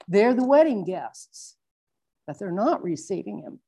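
A middle-aged woman preaching a sermon, earnest and reflective, slowing down to stress her points. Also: mid-range voice, very animated, warm tone, slightly rough. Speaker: Bible teacher.

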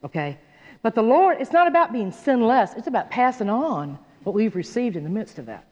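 Lively woman teaching scripture. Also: fairly high pitch, a little fast. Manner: animated, folksy, asks listeners "okay?". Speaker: Bible teacher. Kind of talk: Bible study teaching. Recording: dull sound in a reverberant hall.

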